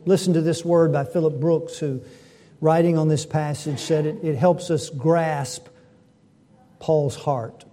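A man's voice: fairly high pitch, mellow. A man preaching a sermon, reading scripture and building to fervent emphasis. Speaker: pastor.

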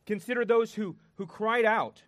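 A man preaching a sermon, earnest and emphatic, pausing and repeating words for weight. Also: high voice, a bit bright, no room sound.

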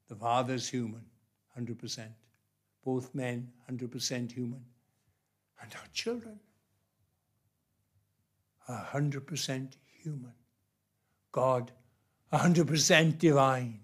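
Slow, emphatic male preacher. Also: mid-range voice, husky. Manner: emphatic, swings between soft and loud. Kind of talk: sermon.

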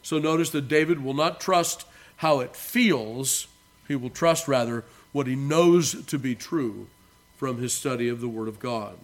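Here a male pastor at medium pitch gives an earnest expository sermon, halting and restarting between phrases while repeating important ones to stress them.

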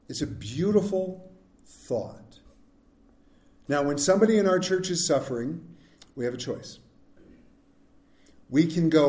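Candid pastor preaching in an echoey church. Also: male voice, on the high side, warm tone. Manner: candid, self-deprecating, conversational. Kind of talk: sermon.

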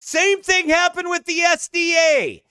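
A man preaching in a sermon-style commentary, emphatic and scornful, sometimes bursting into shouts. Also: very high-pitched, steady tone, a little slow, dry recording, clean studio sound.

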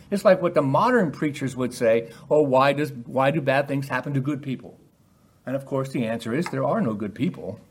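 A man preaching a sermon, posing rhetorical questions and acting out quoted lines with animated emphasis. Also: high voice, slightly rough.

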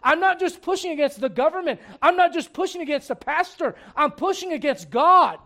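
A male pastor delivering a sermon in a notably high voice. He presses his points with rhetorical questions and moves from loud urgency to a hushed, grave tone. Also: expressive, a little fast. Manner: emphatic, many rhetorical questions; swings between loud urgency and hushed gravity.

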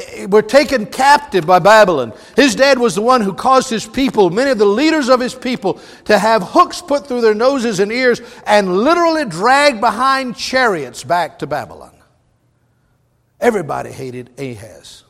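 High-voiced joking preacher in a reverberant hall. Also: male voice, fairly bright tone. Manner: joking, folksy asides. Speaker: substitute preacher. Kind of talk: sermon.

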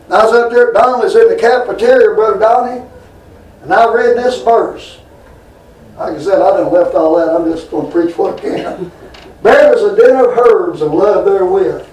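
A man's voice: sits high, a little mellow, far from the mic. A man preaching a folksy, rambling sermon full of homespun stories and asides to his congregation. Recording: roomy hall, voice from off mic.

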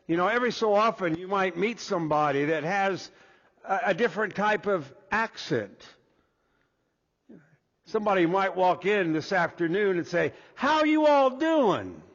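A man preaching a sermon as pastor, deliberate and restarting his first words. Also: high voice, fairly bright tone. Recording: dull lo-fi echoey hall.

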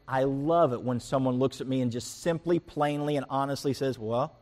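A man's voice: medium pitch, normal speed. A man preaching a sermon as pastor, telling everyday stories and acting out the people in them. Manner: animated storytelling, acts out quoted voices and rants.

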